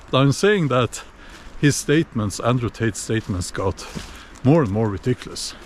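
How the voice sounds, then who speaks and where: A man giving a casual opinion monologue while walking outdoors, unhurried and musing, with many fillers and restarts. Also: medium pitch, expressive, a little hiss or hum. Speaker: video blogger.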